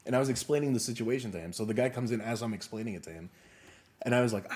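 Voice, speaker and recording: A young man co-hosting a casual podcast, telling animated stories, swearing often and acting out what people said. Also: medium pitch, rapid-fire. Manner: animated storyteller, swears a lot, acts out quotes. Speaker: podcast co-host. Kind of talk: casual storytelling chat.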